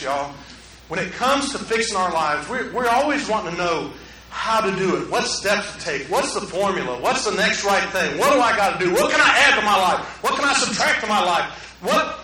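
A man's voice: extremely high pitch, pushed and bright, far from the mic, slight background noise. A male pastor, preaching a sermon in folksy storytelling style, acting out quotes. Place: church sanctuary. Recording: echoey hall, preacher away from mic.

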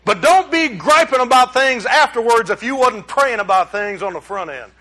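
High, bright-voiced preacher man. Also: lively intonation, normal speed. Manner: folksy and emphatic, with rising exclamations. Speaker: pastor. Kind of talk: sermon.

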